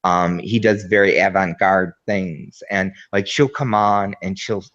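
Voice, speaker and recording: A man's voice: low-pitched, steady tone, unhurried, fairly bright tone. A man talking in a casual online group chat as a panel guest, rambling and hesitant with many fillers. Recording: dull lo-fi microphone.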